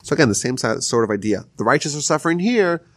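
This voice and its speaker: A man's voice: mid-range voice, animated, fast talker, no room sound. Guy teaching talmud, voice jumps all over when telling the story, dry close sound. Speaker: Torah teacher. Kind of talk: explaining Talmud stories.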